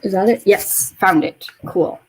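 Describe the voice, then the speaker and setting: A woman in her mid-twenties chatting casually while getting ready in her bedroom, rambling and swearing, with sudden high excited jumps in pitch. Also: measured pace, husky. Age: mid-20s. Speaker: vlogger. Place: bedroom at home.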